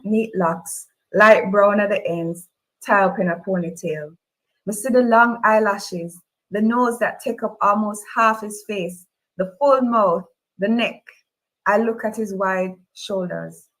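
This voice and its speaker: A woman's voice: fairly bright tone, low-quality recording. Jamaican woman reading emotional fiction. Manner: emotional first-person reading, rising to high cries in dialogue. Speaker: reader. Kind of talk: audiobook-style fiction reading.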